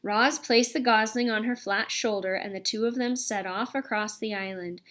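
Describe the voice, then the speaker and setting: A woman reads a storybook aloud in a gentle, expressive manner. Her voice sits a little high for a woman, and she gives each scene a warm, easy storytelling lilt. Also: normal speed. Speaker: audiobook reader. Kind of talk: storybook narration.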